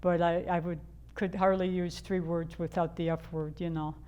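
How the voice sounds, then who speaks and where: A woman's voice: fairly low pitch, little pitch movement, normal speed, mellow, clean tone. An older woman from the Chicago area telling her own life story in a candid, rambling way, full of fillers and restarts. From Chicago area, USA. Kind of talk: personal storytelling.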